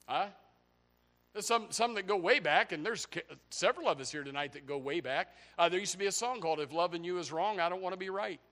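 A man preaching a sermon to his congregation, emphatic and repetitive, swinging between loud outbursts and hushed asides. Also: high-pitched, fast talker. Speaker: pastor. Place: church.

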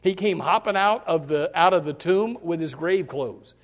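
Male pastor, middle-aged, fervent sermon delivery, emphatic surges, fairly high voice. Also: expressive, moderate pace, long reverb tail.

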